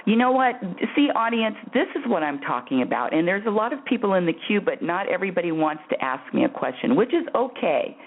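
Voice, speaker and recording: A woman's voice: on the low side, brisk, hardly any pauses. Gushing lady radio host, laughs a lot, repeats stuff, tinny phone sound. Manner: effusive, animated, laughs often, repeats phrases. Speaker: radio show host and spiritual advisor. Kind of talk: call-in radio advice talk.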